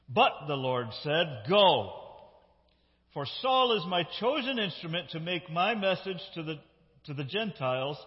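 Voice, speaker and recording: Male pastor preaching in a reverberant hall. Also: fairly high pitch. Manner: reads scripture aloud, voicing the characters' lines with emphasis; conversational, asks the congregation questions. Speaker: lead pastor. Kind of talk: sermon. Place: church sanctuary. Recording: dull reverberant church hall sound.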